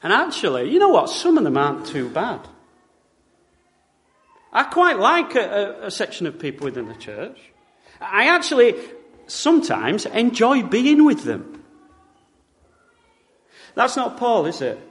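Lively British preacher in an echoing hall. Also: male voice, high-pitched, a little slow, long pauses. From Britain. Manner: wry, conversational preaching with rhetorical tag questions. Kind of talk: sermon. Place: church. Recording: long reverb of a church hall.

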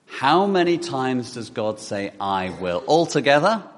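A man's voice: mid-range voice, big pitch swings, unhurried. A man preaching a sermon to a congregation, reading scripture aloud and putting direct questions to his listeners. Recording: long hall reverb in church.

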